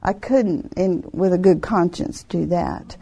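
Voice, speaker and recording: Soft, gravelly woman telling her testimony. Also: on the low side, unhurried. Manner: earnest, reflective storytelling with soft laughs. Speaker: speaker telling a personal testimony. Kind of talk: personal testimony talk.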